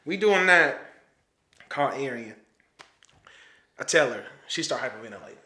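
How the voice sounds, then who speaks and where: Thirties male guest, casual animated storyteller, roomy echoey room. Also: medium pitch, moderate pace. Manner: animated, slangy, retells dialogue. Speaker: podcast guest. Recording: roomy echo.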